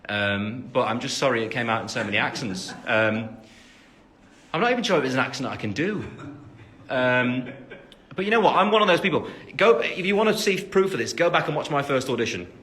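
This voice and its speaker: A man's voice: mid-range voice, animated, brisk, fairly bright tone. A young man from England with a Midlands accent, chatting loosely on a phone livestream and answering fan questions with a lot of fillers and self-deprecating asides. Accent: English Midlands. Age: 20s. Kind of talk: casual chat. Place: at home after the gym. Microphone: phone camera.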